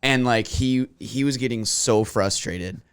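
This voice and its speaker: A man's voice: medium pitch, measured pace, clean tone, no room sound, clean studio sound. A man with a Minnesotan accent in casual podcast chat, telling stories and laughing often. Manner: animated storyteller, laughs often. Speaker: podcast guest.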